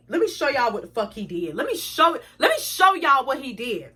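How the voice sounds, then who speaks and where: A young woman telling an exasperated storytime to her viewers, animated and swearing freely. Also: high-pitched, a little fast, few pauses, husky. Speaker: vlogger. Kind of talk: storytime vlog.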